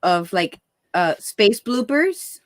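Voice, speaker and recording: A speaker in casual podcast chat, talking in a halting, unhurried way with many fillers. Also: medium pitch, sing-song, dry recording, clean studio sound.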